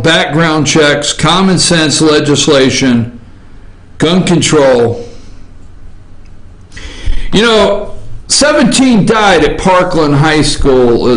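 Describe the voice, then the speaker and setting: Guy hosting a talk show from his office, slow and rambling, keeps saying okay?, kinda high voice, echoey room. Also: fairly bright tone. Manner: rambling, repeats himself, tags lines with "okay?". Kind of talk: opinion commentary.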